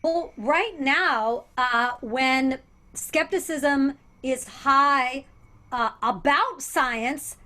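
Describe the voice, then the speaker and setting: A woman comedian from Alabama on a panel, animated and thoughtful, with mocking asides. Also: high-pitched, extremely slow. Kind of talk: casual panel chat.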